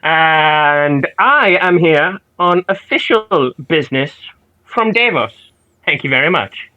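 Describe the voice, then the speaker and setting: A man's voice: on the high side, animated, takes it slowly, sharp tone, heavily acted. A man voicing a pompous male dwarf bard with a haughty, self-important manner, on dull lo-fi audio.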